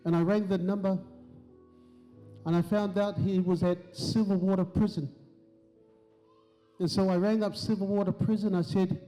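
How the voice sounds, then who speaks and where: Male pastor, story sermon, high mellow voice, echoey church hall with faint music behind. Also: fairly even intonation, normal speed, long pauses. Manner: retells dialogue, acting out each voice.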